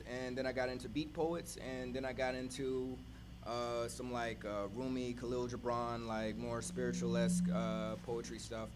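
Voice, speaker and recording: A man's voice: medium pitch, background noise. A man poet chatting casually from the stage between poems at a church service, laid-back, with lots of fillers and "y'all".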